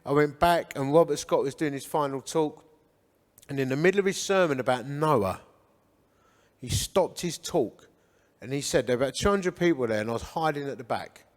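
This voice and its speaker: In a church hall with an audience and plenty of reverb, a man from England in his fifties recounts his life story. His voice is fairly high and his speed normal, and he animatedly acts out the voices of those he met along the way.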